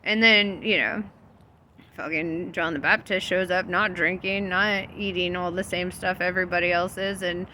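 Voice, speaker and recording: A woman's voice: fairly low pitch, steady tone, moderate pace, bright, forceful tone, slight background noise. A young woman vlogging about faith in a casual, loose storytelling monologue, laughing often and swearing freely. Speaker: spiritual vlogger.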